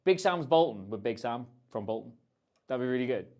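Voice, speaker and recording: A man's voice: medium pitch, animated, fairly quick, a little mellow. A man hosting a casual livestream, answering viewer questions in a chatty, rambling, self-deprecating way. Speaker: host.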